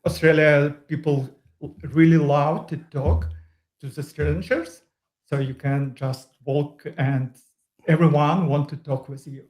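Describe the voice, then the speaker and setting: A non-native man with a noticeable accent talks slowly as a podcast guest, pausing often and filling gaps. His delivery stays flat and fairly high for a man. The room around him is echoey. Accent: Eastern European. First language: not English. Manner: hesitant, many pauses and fillers. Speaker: podcast guest, user group leader. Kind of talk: casual chat.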